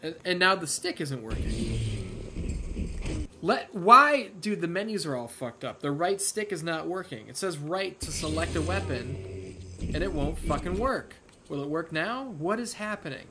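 A man giving profane, excitable let's play commentary, talking back to the game as he plays. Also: fairly high pitch, measured pace, noisy background. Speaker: gamer. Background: video game music and sounds.

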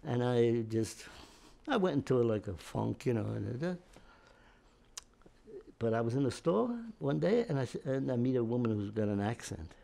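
Elderly veteran in his nineties, gravelly and lively, telling war memories in a rambling interview. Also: medium pitch, moderate pace. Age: 90s. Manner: rambling, repeats words, animated storyteller.

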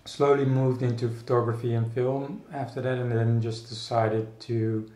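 Warm in tone but flat in delivery, a Dutch man's mid-range voice carries through an echoey room. He's an artist guest in a casual interview, musing thoughtfully and haltingly with many restarts and fillers.

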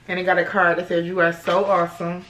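A woman's voice: fairly low pitch, little pitch movement, quick pace, fairly bright tone, slight background noise. A young woman chatting casually and bluntly in a vlog, swearing freely. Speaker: vlogger.

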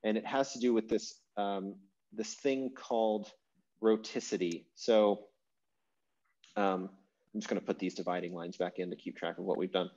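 A man teaching an online language class over a video call, talking in a relaxed, rambling way with fillers and restarts. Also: on the low side, moderate pace. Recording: dull lo-fi video call audio.

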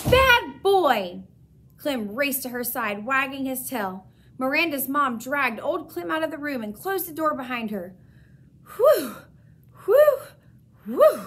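Expressive woman reading a storybook. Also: a little high, a little hiss or hum. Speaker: teacher. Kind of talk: reading a children's chapter book aloud.

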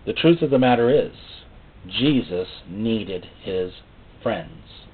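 A man preaching a sermon in a folksy, joking way, acting out little voices and rising suddenly to loud, high outbursts. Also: animated, slow pace, slight background noise. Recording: tinny phone-like sound.

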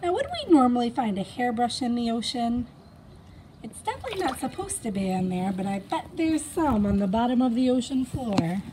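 A woman's voice: fairly high pitch, sing-song, brisk, background noise. A young woman teaching a children's phonics lesson, encouraging, sounding out letters in a sing-song way.

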